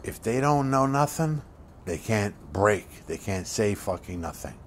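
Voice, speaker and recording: A man playing a deep-voiced profane hulking crook. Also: big pitch swings, a little slow, slight background noise. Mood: instructive. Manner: blunt, swears constantly, streetwise lecturing. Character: hulking profane criminal man, coldly scheming. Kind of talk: low-budget film monologue.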